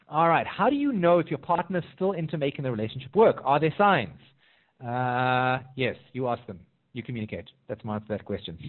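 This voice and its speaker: A man working as a relationship coach, answering viewer questions in a live Q&A and telling stories with lively quoted voices. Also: a little high. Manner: animated storytelling with sing-song quoted voices. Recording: tinny phone-like audio.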